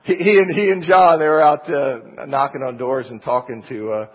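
A man's voice: medium pitch, steady tone, moderate pace, slightly rough. A man teaching a Bible lesson in sermon style, emphatic and full of rhetorical questions. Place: church auditorium. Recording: long hall reverb, dull lo-fi sound.

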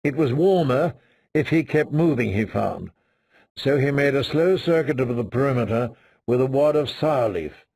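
A man narrating an audiobook in a slow, measured reading. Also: medium pitch, animated, creaky, darkish tone, breathy edge, no echo. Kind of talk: scripted narration.

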